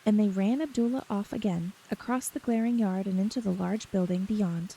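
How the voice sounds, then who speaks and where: A woman reading a novel aloud in a soft, unhurried ASMR story reading. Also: mid-range voice, creaky, slightly rough, poor audio.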